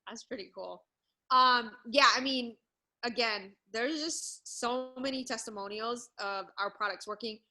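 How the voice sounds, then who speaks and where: A woman's voice: fairly high pitch, a little slow, sharp tone, poor audio. A woman in her thirties giving an upbeat product presentation over a video call, breaking into short laughs as she talks. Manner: upbeat, laughs between words.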